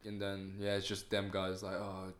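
A man's voice: deep voice, monotone, normal speed, fairly bright tone. Rambling young man chatting. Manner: rambling, hesitant, swears casually. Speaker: film chat participant. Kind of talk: casual chat.

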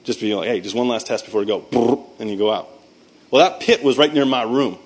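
Man, 30s, veteran speaker, faith talk, animated storytelling, self-mocking, sound effects. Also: fairly low pitch, fast talker, husky. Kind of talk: storytelling speech with scripture.

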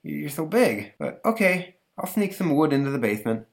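An eager little boy from a comic strip, as a man puts him on, pitched far above a man's own voice. He exclaims in bright, excited bursts. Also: normal speed, gravelly.

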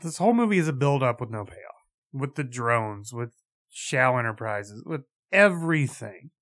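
A man's voice: mid-range voice, animated, moderate pace, fairly bright tone. A man in casual chat reviewing a movie, blunt and sarcastic, swearing freely.

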